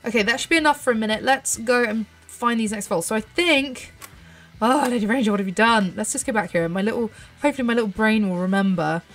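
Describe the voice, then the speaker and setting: A woman's voice: fairly high pitch, fast talker, fairly bright tone, faint music behind. A 30-year-old British woman chatting through gameplay as a host, bubbly and thinking aloud, with little gasps and squeals. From United Kingdom. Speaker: gaming channel host. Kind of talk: casual gameplay commentary.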